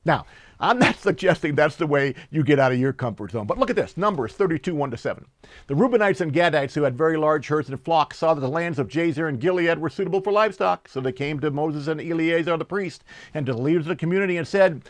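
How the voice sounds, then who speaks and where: Male pastor, animated sermon storyteller, higher-pitched voice, dry sound. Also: dry recording. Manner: animated storyteller, slows for emphasis, laughs while telling.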